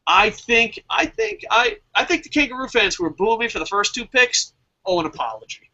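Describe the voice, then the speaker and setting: A man's voice: sits high, very animated, normal speed, pushed and bright, highs cut off. A man hosting a fantasy wrestling draft show, talking in a casual, profane way and laughing at his own jokes.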